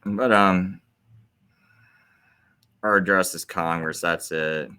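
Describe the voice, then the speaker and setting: A man's voice: low-pitched, steady tone, slow, sharp tone, smooth. A man hosting his own video, talking in a rambling, heated monologue full of restarts. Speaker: video host. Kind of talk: casual ranting monologue.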